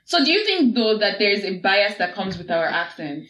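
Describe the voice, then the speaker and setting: A young woman with a Nigerian accent hosts a casual podcast chat, asking probing questions and cutting in quickly. Her voice has a middle pitch and sounds roomy. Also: big pitch swings, fairly bright tone. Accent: Nigerian English. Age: young adult. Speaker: podcast host.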